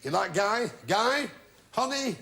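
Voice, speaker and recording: A man hosting a TV game show with wisecracking jokes and drawn-out asides to the audience. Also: high voice, animated, gravelly. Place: TV studio with a live audience. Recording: loud studio audience and noise from an old TV broadcast.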